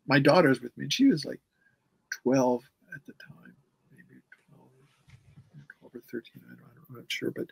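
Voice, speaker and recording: A man in his sixties tells long stories in a relaxed interview, rambling and doubling back on his words. His voice sits a little high and has a gravelly, husky texture. The recording is dry and close. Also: dry recording, low-quality recording. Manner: rambling, repeats words when recounting. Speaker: comic artist guest. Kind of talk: casual interview storytelling.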